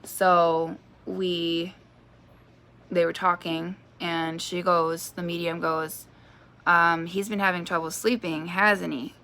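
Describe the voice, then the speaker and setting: A woman's voice: fairly low pitch, little pitch movement, takes it slowly, sharp tone. A woman in her thirties telling a personal story in a vlog, chatty, with lots of fillers. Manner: chatty, lots of fillers, acts out quoted voices. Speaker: vlogger.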